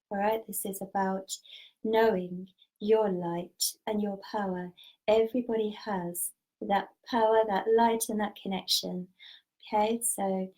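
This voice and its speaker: A woman speaks as a spiritual teacher in a calm, measured, earnest way. Her pitch sits in an ordinary middle range for a woman. She tells personal stories and gives gentle guidance. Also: low-quality recording. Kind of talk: spiritual storytelling talk.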